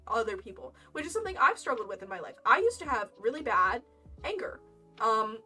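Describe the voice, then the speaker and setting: A young woman streamer chatting casually in a storytime while crocheting, animated and laughing as she retells things. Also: fairly high pitch. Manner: animated, laughing, dramatic voice swings when retelling. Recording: faint lo-fi music behind, slightly distant mic. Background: lo-fi game music.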